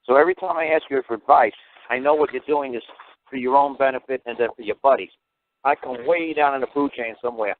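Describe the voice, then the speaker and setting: Fast-talking blunt man on talk radio. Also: mid-range voice, a little hiss or hum. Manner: blunt, profane, animated storyteller. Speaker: radio show host. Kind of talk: call-in radio talk, storytelling. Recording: tinny phone-line radio audio.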